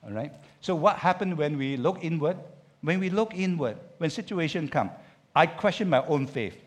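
A male pastor preaching a sermon, swinging from loud urging to quiet asides and acting out biblical speech. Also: a little high, moderate pace. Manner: animated preaching with big swings in loudness, urging the congregation to repeat lines; acts out biblical characters' speech in quotes.

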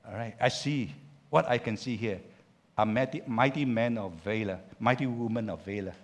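A male pastor preaching a sermon, swinging from loud urging to quiet asides and acting out biblical speech. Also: mid-range voice, normal speed. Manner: animated preaching with big swings in loudness, urging the congregation to repeat lines; acts out biblical characters' speech in quotes.

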